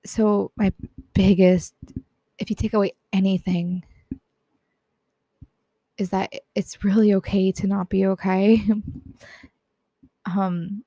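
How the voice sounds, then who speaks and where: Teen girl host, earnest and soft-spoken, tired and teary, slightly gravelly, dry close sound. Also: medium pitch, level tone, slow, long pauses, dry recording. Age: teens. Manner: earnest, self-deprecating, laughs often, soft-spoken. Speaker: podcast host. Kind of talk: personal reflective talk.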